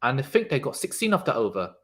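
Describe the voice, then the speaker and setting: Excitable man commentating live cricket. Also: medium pitch, quick pace. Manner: chatty, reacts loudly to shots, reads out chat messages. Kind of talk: casual live watchalong commentary.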